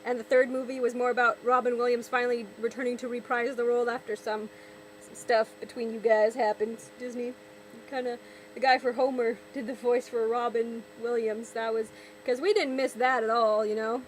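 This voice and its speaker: A woman's voice: a little high, level tone, brisk, a little hiss or hum, poor audio. A young woman vlogger ranting sarcastically, exasperated, often repeating and restarting her words. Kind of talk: ranting vlog commentary.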